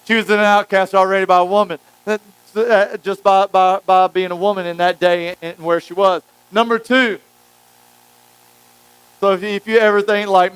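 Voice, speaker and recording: A man preaching a sermon, telling a Bible story with lively acted-out quotes. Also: high-pitched, moderate pace, clear, resonant tone, no room sound, poor audio. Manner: animated storytelling, acting out quotes. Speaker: pastor.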